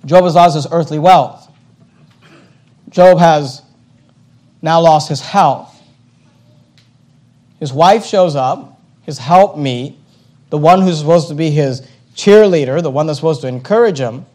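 High-voiced emphatic male preacher. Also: unhurried, long pauses. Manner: emphatic, repeating phrases, rising to loud high peaks. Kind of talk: sermon.

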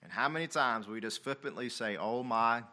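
A man preaching a sermon, swinging between loud emphatic passages and quiet, confessional ones, reading scripture aloud. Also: mid-range voice, a little fast. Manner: reads King James scripture aloud.

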